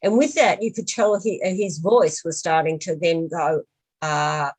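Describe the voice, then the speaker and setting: A woman's voice: on the low side, measured pace, poor audio. A woman presenting a webinar who answers questions hesitantly, with frequent ums and restarts, and tells an anecdote.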